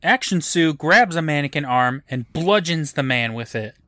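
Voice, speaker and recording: A man co-hosting a podcast, recapping an episode in a dry, deadpan way with jokes. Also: on the high side, normal speed, no echo. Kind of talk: casual recap chat.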